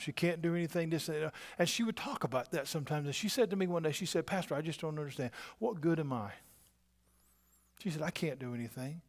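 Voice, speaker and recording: A middle-aged man preaching a sermon as a pastor, talking conversationally with frequent tag questions and swinging between near-whispered lines and loud, emphatic bursts. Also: on the high side.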